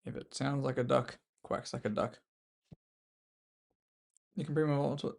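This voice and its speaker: His voice mid-range, steady and gravelly, an Australian man streams chess at a moderate pace, pausing often. Between moves he mutters his thinking and makes self-deprecating small talk with viewers in casual commentary.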